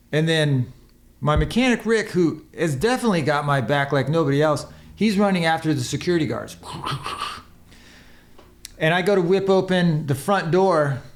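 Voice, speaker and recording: A former motocross racer appearing as a podcast guest tells a long, rambling, profane story in casual chat, acting out the quotes as he goes. His voice is a little high.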